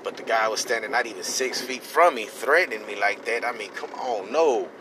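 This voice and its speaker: A man in his 30s from Houston, Texas tells a story on his podcast, rambling and heated with street slang in a casual monologue. His voice is lowish and a little fast, over a noisy background.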